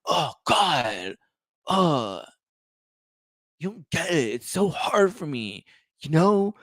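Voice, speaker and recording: A sulky, self-pitying man whines in a breathy, high-pitched voice, put on by a male host. He drags out his sighs and complaints. The sound is dry and close. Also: big pitch swings, a bit bright, no echo, exaggerated voice. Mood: whiny. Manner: whining, drawn-out sighs. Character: whiny, sulky adult man feeling wronged.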